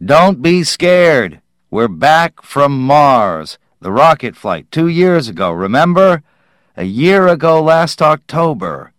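Calm astronaut, steady and reassuring, storybook reading, male narrator voicing him. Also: medium pitch, slow, no echo, studio quality, voice pushed up, heavily acted. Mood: coaxing. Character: calm level-headed male astronaut, the thinker.

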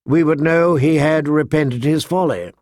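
A man's voice: on the high side, a little slow, a little mellow, no echo, studio quality, pitched above the performer's own voice, natural voice. A man voicing a cool, calculating queen mother in an audiobook reading.

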